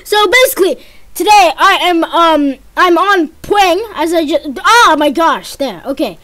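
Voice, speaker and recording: A woman giving casual let's-play commentary as she plays, excitable and yelping and pleading whenever danger strikes. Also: extremely high pitch, measured pace. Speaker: gameplay commentator.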